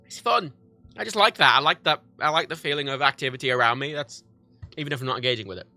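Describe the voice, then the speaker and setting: A man's voice: on the high side, quick pace, sharp tone, faint music behind. A man livestreaming from home, chatting in a rambling, profane way and often cutting himself off. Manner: rambling, profane, self-interrupting. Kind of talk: casual rambling chat.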